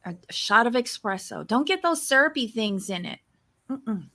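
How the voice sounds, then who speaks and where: A woman co-hosting a casual recap show, with a high, bright voice. She chats in an animated way and often stops and restarts her sentences. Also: moderate pace. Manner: chatty, animated, with repeated restarts. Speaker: podcast co-host.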